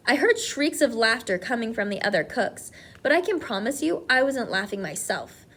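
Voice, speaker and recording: A woman teacher reading a children's book aloud to her class, with expressive, animated delivery. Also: fairly high pitch, moderate pace.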